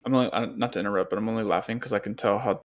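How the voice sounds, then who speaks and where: A man's voice: fairly low pitch, racing. A man co-hosting a podcast, chatting in an easygoing way and thinking aloud as he talks. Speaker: podcast co-host. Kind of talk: casual podcast chat.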